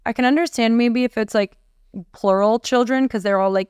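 A woman's voice: fairly high pitch, moderate pace, darkish tone, clear, resonant tone, dry recording, studio quality. A woman from Russia co-hosting a podcast in casual chat, chatty and often searching for her words. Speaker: podcast co-host.

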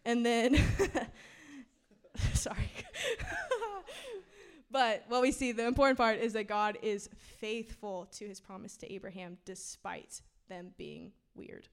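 A woman's voice: mid-range voice, fairly even intonation, a little slow, smooth. A young woman giving a casual, playful sermon in a church setting, retelling Bible stories in chatty speech full of "like" and laughter. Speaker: speaker giving a church talk.

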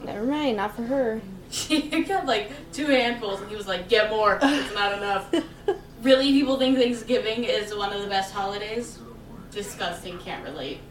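A woman's voice: a little high, moderate pace. A young woman co-hosting a podcast, reacting to a movie in a brash, profane, mocking way. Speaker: podcast co-host. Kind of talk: casual movie-reaction chat.

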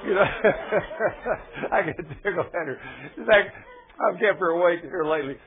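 A man preaching a sermon in a folksy, colloquial way, telling animated personal stories to his listeners. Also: high-pitched, a little slow. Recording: tinny phone-like radio broadcast.

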